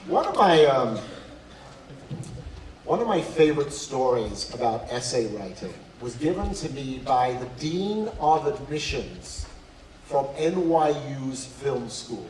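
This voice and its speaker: A man with a fairly high voice speaks to students and parents on college admissions at a school night, unhurriedly spinning lively, funny stories. The audio places him far from the mic in a reverberant hall, and a little noise can be heard behind him.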